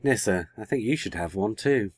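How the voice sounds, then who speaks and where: A man's voice: fairly low pitch, animated, moderate pace, husky. A man voicing a flustered, awkward male time traveller in a read-aloud story. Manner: stammering, awkward.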